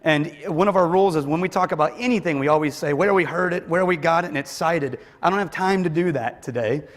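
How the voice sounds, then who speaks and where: A man with a fairly high voice gives a conference talk in a big hall, and his words ring with long reverb. He talks in a joking, conversational way and pokes fun at himself. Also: fast talker. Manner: joking, conversational, self-deprecating. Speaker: conference speaker. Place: large hall with audience.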